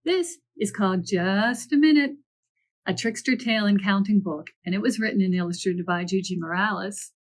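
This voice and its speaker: A woman librarian reading picture books aloud to children, gentle and animated, with chatty asides to the listener. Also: mid-range voice, normal speed. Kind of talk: picture-book read-aloud.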